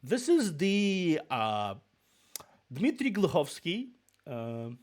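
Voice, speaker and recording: A man's voice: a little high, wildly swooping pitch, extremely slow, darkish tone. A man with a slight Russian accent, a little sick, chatting loosely and restarting his sentences as he sets up a stream to read a book. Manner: rambling, with frequent restarts and muttered asides. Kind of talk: casual chat before a book reading.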